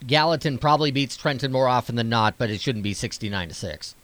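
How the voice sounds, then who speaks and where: Male sports radio host, middle pitch, chatty recap-then-question manner, dry close mic. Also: expressive, fast talker, fairly bright tone, dry recording. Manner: conversational, leading questions with recaps. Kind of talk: radio interview.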